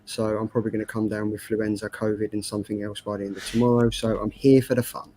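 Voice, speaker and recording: A man, co-hosting a show in quick, jokey casual chat. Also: lowish voice, level tone, mellow, a little hiss or hum. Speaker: co-host.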